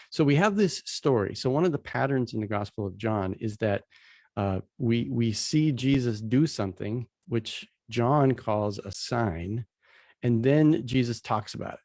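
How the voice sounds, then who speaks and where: Guy with a gravelly voice walking thru bible slides, chatty and relaxed, dry close sound. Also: medium pitch, no room sound. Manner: conversational, retells scenes in plain everyday slang. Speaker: Bible teacher. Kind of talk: casual teaching walkthrough of slides.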